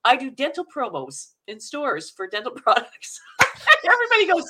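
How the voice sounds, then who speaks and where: A woman's voice: on the high side, sing-song, moderate pace, heavy background noise. A middle-aged woman with a Canadian accent, an actor and acting coach, chatting as a guest in a rambling way with frequent laughter. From Manitoba, Canada. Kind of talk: casual interview chat.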